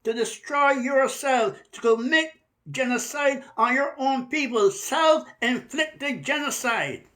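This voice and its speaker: A man from Barbados giving a fiery preaching monologue, hammering his points and stretching key words out slowly. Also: very high voice, lively intonation, sharp tone.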